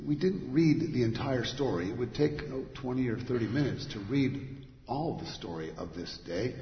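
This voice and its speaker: A male pastor delivers a sermon, with dramatic swings from ringing proclamations to quiet, intimate asides. His voice fills a big church hall with long reverb and roomy echo. The recording sounds a little dull and muffled. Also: mid-range voice. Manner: dramatic, swings from loud declarations to hushed asides. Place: church sanctuary.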